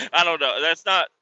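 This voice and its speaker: A man hosting a comedy podcast, ranting with heavy profanity and sudden bursts of shouting. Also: on the high side, no room sound. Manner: profane, erupts into shouting tirades. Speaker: podcast host. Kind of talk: comedic rant. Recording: dull lo-fi recording.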